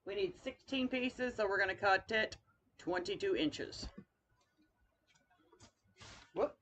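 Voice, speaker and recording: A woman's voice: medium pitch, slow, fairly bright tone, a little hiss or hum. A woman with a Kentucky accent, chatting folksily with viewers while demonstrating wreath making in a live craft tutorial.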